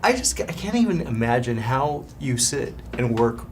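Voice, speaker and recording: An entertainment interviewer asking questions at a casual press junket, enthusiastic and quick to laugh. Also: mid-range voice, slight background noise. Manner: enthusiastic, giggly, lively questions.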